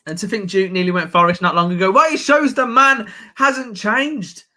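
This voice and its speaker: Hosting a live stream, a man with a Birmingham accent reacts excitedly to a football match, laughing and shouting at the play. His voice sits high and he talks at a moderate pace.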